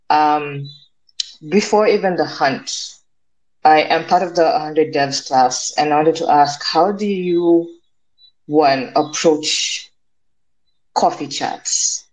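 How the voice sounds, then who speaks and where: A woman from Africa, a student, who speaks in a measured, polite way in a casual live audio chat and asks questions. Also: sits low, low-quality recording.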